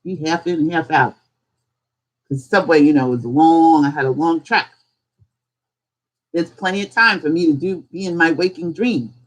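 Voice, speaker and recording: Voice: medium pitch, normal speed, pauses often, low-quality recording. A host teaching casually on a live stream, talking conversationally and firing off strings of rhetorical questions. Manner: acts out little examples in different voices. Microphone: streaming setup.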